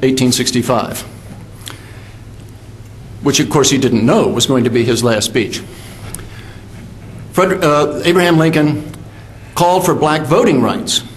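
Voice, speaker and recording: A man's voice: on the high side, slight background noise. Older man giving a history lecture. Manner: measured, with fillers and self-corrections. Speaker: history professor giving a talk. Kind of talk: academic lecture. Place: symposium hall.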